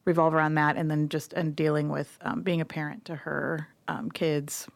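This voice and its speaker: A woman with a slightly low voice talks in an easy, casual way. She rambles and restarts her sentences, with plenty of fillers as she chats with a co-host. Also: flat delivery, normal speed, gravelly, no echo. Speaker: podcast co-host recommending books. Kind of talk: casual chat.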